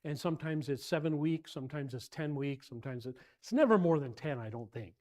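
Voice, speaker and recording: Fairly quick and somewhat high-pitched, a man teaches a casual Bible class inside a church. His delivery is rambling and animated, with frequent repetition and an exasperated edge.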